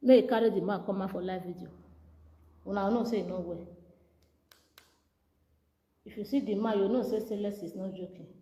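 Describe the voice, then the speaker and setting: A woman's voice: mid-range voice, steady tone, moderate pace, pauses often, dark tone, reverberant, big-room sound. A Nigerian woman vlogger doing a comic skit monologue in a mock-soothing tone, repeating herself often.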